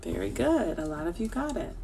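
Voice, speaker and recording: A woman's voice: medium pitch, big pitch swings, a little fast, creaky, dark tone, a little hiss or hum. A woman teacher, patient and encouraging, sounding out and spelling words letter by letter for children over a video call. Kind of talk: slow, clear spelling lesson for children. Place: home, remote teaching.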